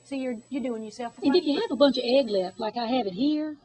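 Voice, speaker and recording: A woman's voice: high voice, fast, darkish tone, breathy edge, rough recording. A middle-aged woman hosting a home cooking demonstration, chatty and bubbly with theatrical exclamations. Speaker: cooking show host.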